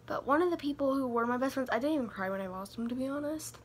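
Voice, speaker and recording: A woman's voice: high-pitched, lively intonation, quick pace, slight background noise. A teenage girl giving rambling, self-mocking advice in a casual vlog, giddy from too much sugar. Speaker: vlogger.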